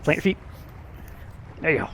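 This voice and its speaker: A man in a VR roleplay, calmly reassuring another player. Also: normal speed. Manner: calm, reassuring. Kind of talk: casual VR roleplay chat.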